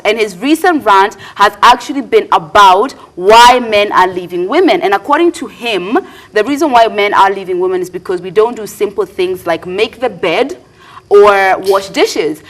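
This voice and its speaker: A young Kenyan woman hosting a studio talk show, chatting casually and giving her opinions with frequent "um"s. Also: mid-range voice.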